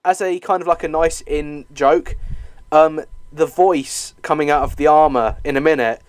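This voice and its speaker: A man's voice: on the high side, steady tone, moderate pace, clean tone, dry recording. Chatty young man doing movie commentary. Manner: chatty, swears, laughs often, hesitant fillers.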